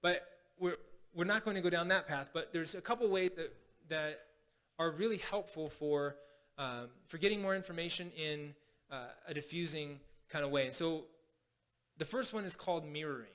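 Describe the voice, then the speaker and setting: A man's voice: on the high side, normal speed, a bit bright, clean tone. A man preaching as pastor in a casual teaching style, often restarting phrases and checking in with "right?". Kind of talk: sermon teaching. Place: congregation hall.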